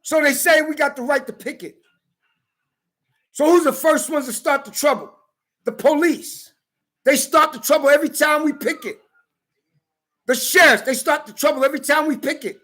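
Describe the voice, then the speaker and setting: Angry vlogger, male, very high sharp voice, profane ranting with frequent shouting. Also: moderate pace, pauses often. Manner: heated, profane, often shouting. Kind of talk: angry rant to camera. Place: California.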